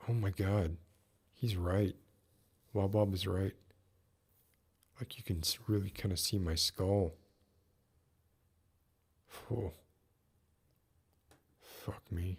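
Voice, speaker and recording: A man's voice: low voice, steady tone, takes it slowly, long pauses, slightly rough. A man hosting a live stream, reading a classic story in a formal Mid-Atlantic voice and breaking off to chat casually. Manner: reads in a formal put-on Mid-Atlantic voice, then chats casually. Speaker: streamer and host.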